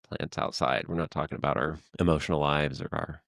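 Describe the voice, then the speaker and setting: A man's voice: extremely low pitch, fairly even intonation, fairly quick, vocal fry, a bit bright, no room sound, clean studio sound. A man co-hosting a podcast, chatting casually with a joking, dryly sarcastic manner. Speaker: podcast co-host.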